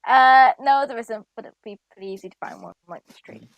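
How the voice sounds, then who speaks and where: High-voiced young woman running a tabletop game. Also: fairly quick, no echo, highs cut off. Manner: hesitant, filler-heavy narration. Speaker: dungeon master.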